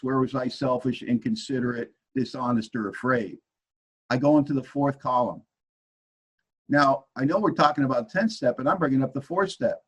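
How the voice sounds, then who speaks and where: Husky man telling a recovery story. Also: mid-range voice, low-quality recording. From Washington state, US. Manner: animated storytelling, acting out both sides of an argument. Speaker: recovery meeting speaker. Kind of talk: storytelling talk at a recovery meeting.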